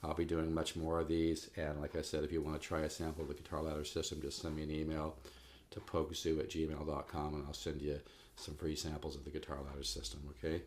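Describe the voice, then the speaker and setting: A man giving a relaxed, encouraging guitar lesson on video, talking straight to his viewers. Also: very deep voice, fast. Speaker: guitar teacher. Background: guitar playing.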